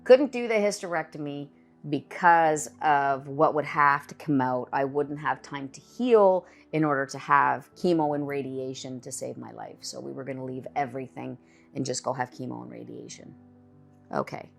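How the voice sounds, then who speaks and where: A woman's voice: extremely low pitch, moderate pace, vocal fry, soft background music. A middle-aged woman candidly telling her own story as a cancer patient, in a conversational personal testimony.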